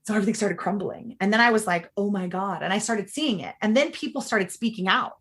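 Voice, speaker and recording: A woman's voice: medium pitch, brisk, a bit bright. A woman in her thirties, a podcast interview guest, telling her story in a chatty way and acting out quoted talk with lots of "like". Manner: chatty, acts out quoted dialogue in changed voices, many "like" fillers.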